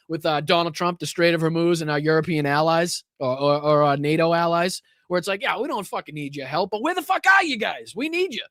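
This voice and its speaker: Profane, high-voiced New man ranting. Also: fairly bright tone, no room sound, clean studio sound. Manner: profane, sarcastic, laughing, rambling with restarts. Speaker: host of a political commentary stream. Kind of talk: live political rant.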